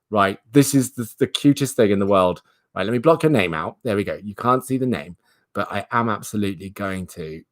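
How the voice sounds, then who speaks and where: A man hosting a casual livestream, rambling and laughing as he reads out viewer comments. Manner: coos in a high baby voice at a pet rabbit. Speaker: livestream host.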